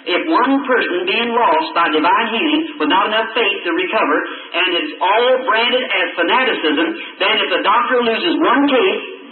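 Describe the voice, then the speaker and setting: High-pitched preacher on old tape. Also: male voice. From United States. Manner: fervent storytelling, rhetorical questions. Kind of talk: sermon. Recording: tinny old hall tape from far off.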